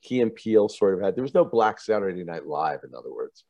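A deep-voiced, fast-talking man, a TV producer, casually tells stories from his career in an interview, acting out the voices of people in them and laughing often. He's animated throughout. The recording has no echo, and the highs are cut off.

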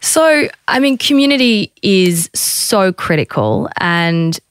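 A woman's voice: medium pitch, big pitch swings, slow pace, clear, resonant tone, no room sound. Young woman, interviewer, thoughtful questions, dry close sound. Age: young adult.

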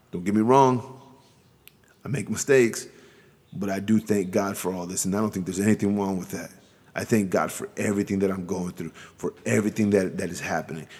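A man's voice: deep voice, breathy edge, long reverb tail. A man hosting his own motivational podcast, talking earnestly with lots of repeated words and restarts. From Southeast San Diego. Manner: earnest, repetitive, stumbling restarts. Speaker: podcast host.

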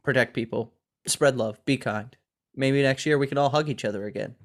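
A man's voice: mid-range voice, moderate pace. A man co-hosting a casual podcast who jokes around, laughs often and gives earnest sign-offs. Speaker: podcast co-host. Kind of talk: casual chat.

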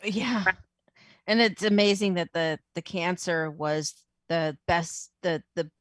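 A woman's voice: on the low side, fairly even intonation, slow, no echo. A woman interviewing an author in a casual chat, often giving short agreeing replies.

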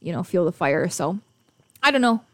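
A woman's voice: on the low side, big pitch swings, normal speed, a bit bright, dry recording. A woman co-hosting a podcast, blunt and opinionated, swearing in casual banter. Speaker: podcast co-host.

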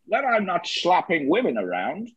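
A man doing a high, husky impression of an aging movie spy who insults the listener in a drawl. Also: wildly swooping pitch, normal speed, a bit bright, dry recording, full character voice. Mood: mocking. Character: gruff aging movie spy, male, rude and boastful. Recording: slightly lo-fi dry recording.

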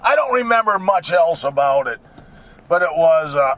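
This middle-aged vlogger's voice sits on the high side, somewhat bright, with lively intonation and a moderate pace. He jokes crudely and wanders off topic while talking to the camera from behind the wheel, faint road noise in the background.

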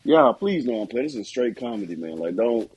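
Man, husky voice, podcast co-host, crude jokes, laughing. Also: medium pitch, huge pitch swings, moderate pace, a little mellow, highs cut off. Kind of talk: casual chat.

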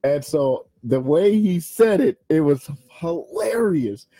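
Podcast cohost guy, kinda high voice, tells stories all animated and does voices. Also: takes it slowly, husky, poor audio. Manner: animated storyteller, acts out voices. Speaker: podcast co-host. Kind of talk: casual chat.

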